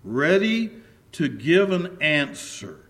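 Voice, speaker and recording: Male preacher, higher-pitched voice, earnest sermon delivery with repeated phrases and questions to the congregation. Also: sing-song, slow, a bit bright.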